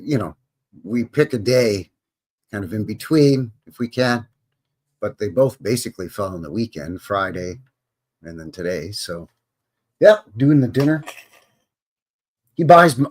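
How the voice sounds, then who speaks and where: A man's voice: medium pitch, normal speed, pauses often, darkish tone. A man in his fifties hosting a live stream, chatting in a loose, joking, rambling way. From Canada. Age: 50s. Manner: joking, rambling, drops into silly voices. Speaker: host. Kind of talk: casual live-stream chat.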